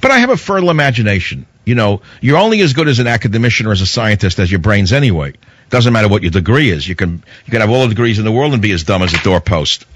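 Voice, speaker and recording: A man's voice: on the low side, lively intonation, quick pace, a bit bright, husky. A man hosting a talk radio show, delivering a rambling, sarcastic, heated monologue into a studio microphone.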